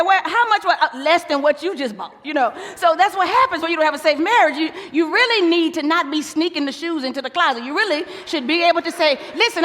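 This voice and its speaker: A woman's voice: very high-pitched, pushed and bright, a little hiss or hum. A woman preaching a sermon, playful and acting out quoted couples. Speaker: pastor's wife preaching. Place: large church hall. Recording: long church hall reverb.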